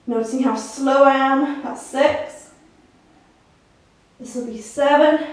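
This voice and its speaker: Woman personal trainer, fairly high voice, counts reps, encouraging; echoey room, mic some way off. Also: steady tone, moderate pace, distant mic. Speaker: fitness instructor. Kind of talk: guided workout instruction.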